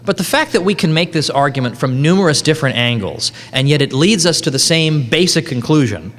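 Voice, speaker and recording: A man's voice: a little high, animated, fairly quick, a bit bright, big-room sound. A man giving a conference lecture in a conversational, joking way, often correcting himself mid-sentence. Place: conference hall.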